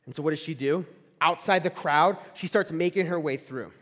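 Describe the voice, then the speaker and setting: In an echoey large hall, a young campus ministry speaker delivers a casual, story-driven sermon to a live audience. His voice sits on the high side with a fairly bright tone and a normal pace, and he keeps it chatty, sprinkling in "like" and tossing questions to the room.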